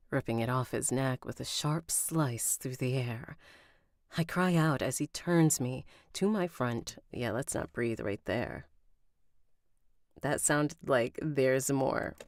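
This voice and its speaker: Slow, low-voiced woman reading an audiobook. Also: lively intonation, a little mellow, no room sound, clean studio sound. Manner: rereads lines, stops to comment and laugh at herself. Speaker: audiobook narrator. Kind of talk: live-streamed audiobook recording with asides.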